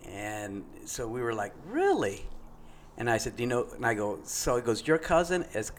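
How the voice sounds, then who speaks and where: Lively middle-aged man telling a story. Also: medium pitch, normal speed, a little hiss or hum. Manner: animated, acts out quoted voices. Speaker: podcast co-host. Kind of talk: casual storytelling.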